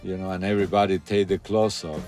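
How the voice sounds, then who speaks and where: A man with a Cuban accent recounts his past in a documentary interview, voice sitting low. He swears constantly and plays out the other people in his story. Soft music runs quietly behind him. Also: fast. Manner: profane, animated storyteller acting out quotes.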